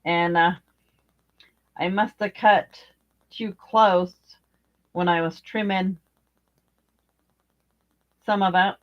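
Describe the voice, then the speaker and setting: A woman's voice: lowish voice, steady tone, slow pace, pauses often. A woman, older, chatting casually about her crochet as she works, rambling and thinking aloud with fillers. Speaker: crochet vlogger. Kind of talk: casual chat while crocheting. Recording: dull lo-fi home recording.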